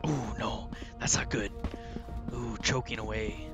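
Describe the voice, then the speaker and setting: A young man giving live commentary on his own speedrun, boastful and joking, with sudden loud outbursts. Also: on the low side, steady tone, a little slow, over loud music.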